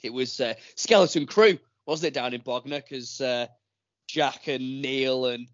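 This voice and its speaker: A man hosts a casual podcast chat, rambling along with lots of ums and uhs. His voice sits at an ordinary middle pitch. The recording is dry and a little dull, with a lo-fi edge. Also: unhurried, no echo. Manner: chatty, rambling with many fillers. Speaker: podcast host.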